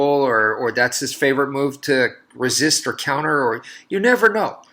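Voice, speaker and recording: A man's voice: on the high side, fairly bright tone. A man, a martial artist, talking casually and telling a long story in a loose, rambling way with many restarts.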